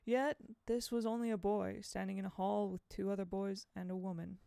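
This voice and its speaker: Woman audiobook reader, measured and expressive, smooth, dry close mic. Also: medium pitch, no echo. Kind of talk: audiobook reading of a novel.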